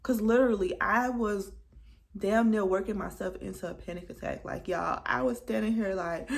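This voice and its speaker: Gravelly-voiced woman telling a story. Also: mid-range voice, normal speed. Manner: animated, dramatic retelling with quoted dialogue. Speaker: vlogger. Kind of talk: casual storytime chat.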